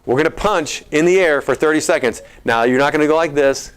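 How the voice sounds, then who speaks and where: Energetic Texan man, health talk to a live crowd, joking coach energy. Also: a little high, brisk, a little hiss or hum. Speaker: chiropractor giving a health talk. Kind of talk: lively seminar talk to a live audience.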